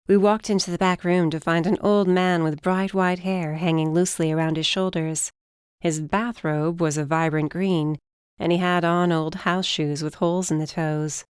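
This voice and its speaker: A woman reading a first-person audiobook narration in a steady, even storytelling manner. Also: on the low side, clear, resonant tone, no room sound, studio quality.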